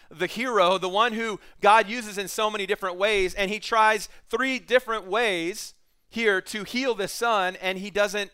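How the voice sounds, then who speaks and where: A man's voice: high voice, pushed and bright, smooth, dry recording, studio quality. A man preaching a sermon, reading scripture aloud and breaking into casual, joking asides with laughter. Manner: conversational, jokey asides, laughs between readings. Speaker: pastor.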